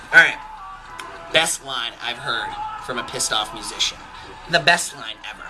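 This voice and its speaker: A young man casually telling a rambling, animated anecdote, full of fillers and acted-out quotes. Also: mid-range voice, moderate pace, music in the background, poor audio. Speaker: podcast storyteller.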